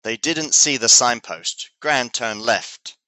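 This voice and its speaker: A man teaching English, reading a children's story aloud slowly and clearly. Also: mid-range voice, bright, forceful tone, no room sound. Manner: slow, clear, deliberate reading.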